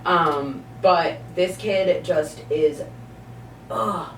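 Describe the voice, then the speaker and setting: Young woman bartender spilling stories, kinda low voice, echoey room, mic a bit far off. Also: extremely slow. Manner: lively, exasperated, laughs while telling stories. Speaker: bartender guest. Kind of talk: casual podcast storytelling. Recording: echoey room, distant mic, faint noise.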